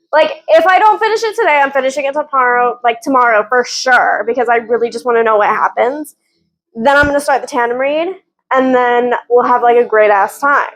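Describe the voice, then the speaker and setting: A woman giving casual, excitable reading updates as a book vlogger, gushing and often giggling. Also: high-pitched, low-quality recording.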